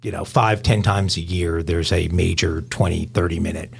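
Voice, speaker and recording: A man's voice: sits low, steady tone, moderate pace, gravelly, slight background noise. A man co-hosting a crime podcast, talking in a rambling, casual way. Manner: rambling, many fillers and restarts. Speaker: podcast co-host. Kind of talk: casual chat.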